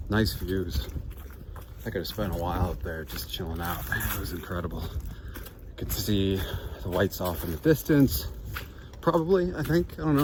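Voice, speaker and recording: A man's voice: lowish voice, background noise. A man on a long-distance hike, talking casually to a handheld camera outdoors, easygoing and rambling as he thinks aloud. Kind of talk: casual trail vlog. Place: outdoors on a mountain trail.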